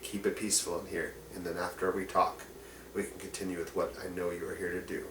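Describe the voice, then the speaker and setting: A man voicing a weary, dignified male orc leader who pleads his case softly and gravely. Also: low voice, flat delivery, fast, roomy sound, far from the mic, noisy background, pitched below the performer's own voice, natural voice. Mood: earnest, hushed. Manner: soft, grave and earnest.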